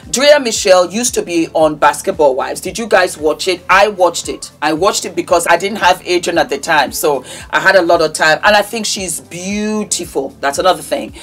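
A woman of Gambian and Nigerian heritage hosting a celebrity gossip channel, chatting bubbly to camera, laughing often, and reading news items aloud. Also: fairly low pitch. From half Gambian, half Nigerian. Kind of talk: casual chat to camera.

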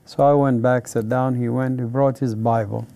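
A man's voice: medium pitch, little pitch movement, normal speed, gravelly, mellow, no room sound. A middle-aged man from Palestine, telling his personal testimony in an earnest, vivid way. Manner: earnest, vivid storyteller who acts out quoted dialogue. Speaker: interviewee giving a testimony.

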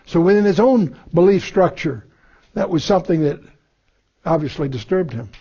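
A man's voice: fairly high pitch, lively intonation, moderate pace, mellow, breathy edge, lo-fi sound. A man giving a verse-by-verse Bible lesson, reading scripture aloud and then explaining it, with many fillers and restarts. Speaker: Bible teacher.

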